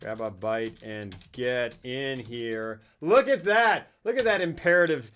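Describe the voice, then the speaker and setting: A man's voice: medium pitch, lively intonation, measured pace, a bit bright. A man hosting a live game stream, chatting casually in a rambling, jokey way. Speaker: streamer host. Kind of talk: casual chat over gameplay.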